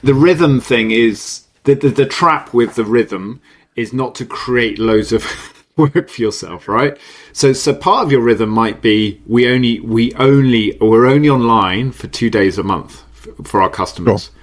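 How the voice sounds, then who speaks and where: A man speaking as a podcast guest, explaining ideas in an animated way, often repeating words and laughing easily. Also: medium pitch, a little slow. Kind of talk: conversational podcast interview. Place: based in the UK.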